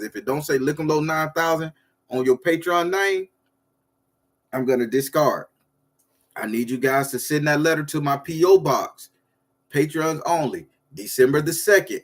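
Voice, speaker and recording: A man from Florida, hosting a casual livestream and rambling loosely to his viewers. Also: a little high. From southern Florida. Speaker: livestream host.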